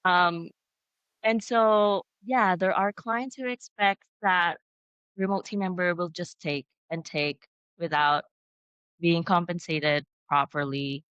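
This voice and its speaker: A woman's voice: on the low side, steady tone, slow, fairly bright tone, clean tone, no echo, lo-fi sound. A woman with a Filipino accent, an interview guest speaking carefully and earnestly, sometimes hesitant. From Philippines. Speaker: executive assistant, guest. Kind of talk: video interview.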